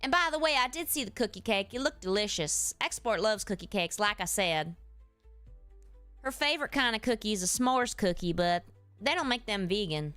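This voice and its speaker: A woman's voice: mid-range voice, animated, normal speed, fairly bright tone, smooth, no room sound, soft background music, lightly acted. A woman voicing a folksy, easygoing streamer character with a Southern accent, chatting with viewers while she plays. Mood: chatty. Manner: folksy, addresses chat as y'all. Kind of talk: live stream chat while playing.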